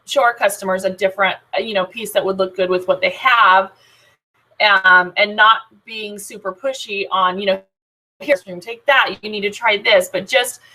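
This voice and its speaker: A woman with a bright, clear voice gives a casual team training talk. She rambles cheerfully, filling her speech with ums and quick restarts, always upbeat and eager. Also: mid-range voice, low-quality recording. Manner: chatty, many filler "um"s and restarts, upbeat. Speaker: team leader of a sales team.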